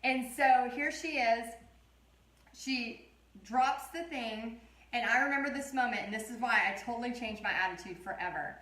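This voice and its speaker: An art teacher in her thirties leads a casual live painting tutorial, chatting away and telling rambling stories as she goes. Her voice is on the high side, pushed and bright, at normal speed, with a roomy echo around it.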